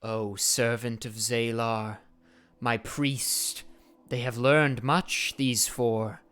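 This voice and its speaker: A loyal cult leader woman talks with slow fervour in a tabletop game, played by a man. Every word is deliberate and devout. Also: mid-range voice, flat delivery, fairly bright tone, smooth. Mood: fervent. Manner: fervent, deliberate speech.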